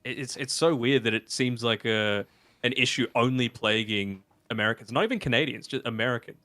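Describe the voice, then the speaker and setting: A man in a casual panel chat, with a bright, forward voice. His delivery is relaxed and wry, and the recording is dry and close. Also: mid-range voice, fairly quick, dry recording. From Australia. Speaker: esports caster.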